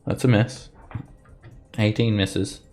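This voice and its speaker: Slow, deep-voiced game master. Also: male voice. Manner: relaxed descriptive narration with fillers. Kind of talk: narrating a tabletop game.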